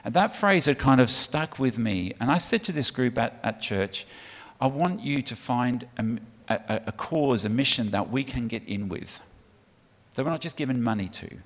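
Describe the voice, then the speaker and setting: A middle-aged English man, guest speaking for a child sponsorship charity, delivers a sermon talk in a church hall whose long reverb fills the recording. His mid-range voice is expressive and fairly bright at a moderate pace, chatty yet full of ums and restarts.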